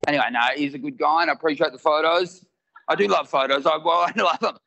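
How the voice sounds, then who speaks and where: A high-pitched man in middle age, performing stand-up with a gravelly edge and a bright, sharp tone. He tells his stories in an animated way and shouts his punchlines. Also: fast talker. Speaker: stand-up comedian. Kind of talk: stand-up comedy set. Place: live venue with audience.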